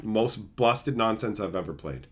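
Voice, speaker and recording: Excitable, foul-mouthed man streaming. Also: on the low side, unhurried, slight background noise. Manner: profane, excitable, rants about cards; acts out friends in loud voices. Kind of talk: live stream chat.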